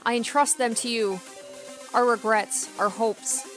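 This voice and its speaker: Woman reading a calm, resolute dying man. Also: a little high, faint music behind, pitched above the performer's own voice. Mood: solemn. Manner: measured, solemn.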